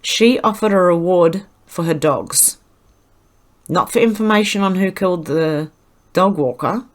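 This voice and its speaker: An Australian woman talks her way through a casual opinion video, pausing often, filling gaps with ums and starting sentences over. Her voice sits a little low for a woman. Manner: rambling, halting, with many fillers. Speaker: channel host reading posts.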